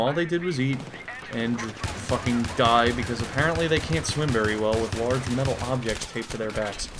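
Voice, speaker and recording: Deadpan rambling man over faint gunfire. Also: mid-range voice, background noise. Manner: deadpan absurd rambling, swearing. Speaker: gaming commentator. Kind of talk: comedic monologue over gameplay. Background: faint gunfire from a shooter game.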